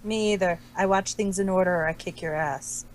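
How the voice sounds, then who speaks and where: A woman's voice: fairly low pitch, brisk, poor audio. A woman in casual podcast chat, teasing and dry.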